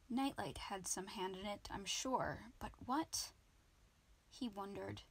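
A woman narrating a children's book in an amateur audiobook, reading lively. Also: medium pitch, slow, slightly rough. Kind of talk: children's book read-aloud.

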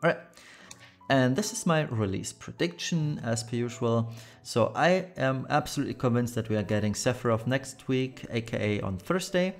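Blunt gaming vlogger, slightly worn voice. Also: male voice, mid-range voice, animated, normal speed, faint music behind. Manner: blunt, critical, with frequent fillers. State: voice wearing thin. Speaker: gaming channel host. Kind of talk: casual commentary on a mobile game.

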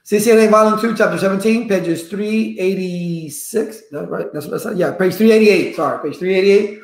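A man's voice: high voice, a little fast, reverberant. A man running a live-streamed networking lesson, chatty and repetitive, stopping to greet viewers in the chat. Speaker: networking instructor.

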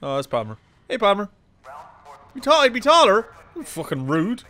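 A man's voice: sits high, big pitch swings, moderate pace, sharp tone. A young man giving rowdy, joking let's play commentary, swearing and bantering at the game. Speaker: gaming YouTuber.

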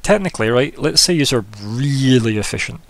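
A man's voice: mid-range voice, expressive, normal speed, gravelly. A man running a tabletop game, chatting casually with players and laughing often. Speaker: game master. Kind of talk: casual chat recapping a tabletop session.

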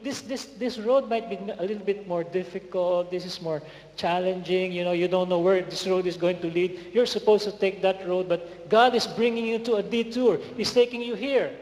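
A man preaching to a congregation with energetic call-and-response, recorded in a large hall. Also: high-pitched, moderate pace. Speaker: guest preacher. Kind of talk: sermon. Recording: echoey hall with faint noise.

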